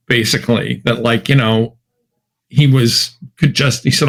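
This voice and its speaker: A man from Massachusetts, USA, with a mid-range, gravelly voice with a breathy edge, speaks at a moderate pace. He's an academic guest in a podcast interview, talking in a chatty, wry, anecdotal way full of fillers and restarts.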